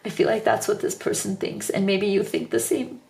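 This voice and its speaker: A woman's voice: medium pitch, steady tone, normal speed, gravelly, darkish tone, echoey room. A tearful woman giving an earnest, emotional pick-a-card tarot reading, often repeating herself. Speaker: tarot reader.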